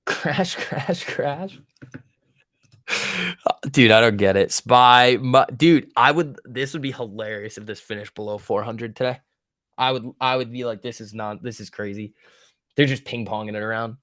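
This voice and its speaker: A man with a medium-pitched, fairly bright voice talks at a moderate pace while hosting a stock market stream. He banters with his audience, swearing and joking in reaction to the chat.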